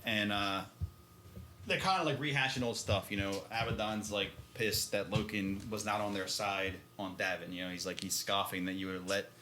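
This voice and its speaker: A man's voice: on the low side, fairly even intonation, normal speed, pushed and bright, roomy sound, a little hiss or hum. A man co-hosting a podcast, recapping a book in a rambling, filler-heavy way and often laughing. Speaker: podcast co-host. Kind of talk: casual chat recapping a book.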